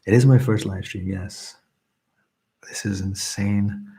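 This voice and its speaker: Reading viewers' comments during his soft-spoken ASMR live stream, this Scotsman in his thirties sounds earnest and grateful, with a softened accent. He takes his time, keeping a lowish, breathy voice and fairly even intonation.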